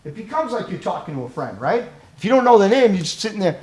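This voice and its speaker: A man presents a crisis-intervention training in a chatty way and keeps checking in with his listeners. His voice sits high, and his pitch swings widely as he slips in and out of acted-out examples. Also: quick pace, few pauses. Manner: animated, acts out scenarios in quoted voices; conversational, checks in with "right?".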